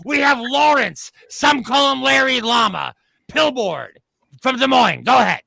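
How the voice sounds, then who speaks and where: A man's voice: extremely high pitch, lively intonation, unhurried, gravelly, no room sound, full character voice. A man playing a brash, blustering host of a mock news panel in a comedy sketch, on a video call. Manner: loud, blustering, pushy.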